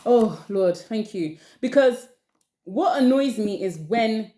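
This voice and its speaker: A woman's voice: medium pitch, slow pace. Exasperated young woman ranting. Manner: exasperated, animated ranting with laughs. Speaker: channel host. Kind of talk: casual opinion chat. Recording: echoey room.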